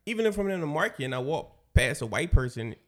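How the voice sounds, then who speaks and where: A young man talking casually, with slang and swearing, steady and emphatic when making a point. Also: on the high side, fast. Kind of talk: casual conversation.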